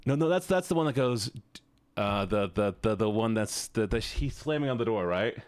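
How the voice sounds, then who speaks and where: A man's voice: lowish voice, animated, moderate pace, a little mellow, clear, resonant tone, no echo, clean studio sound. A man streaming live, chatting casually in a rambling, jokey, profane and scattered way.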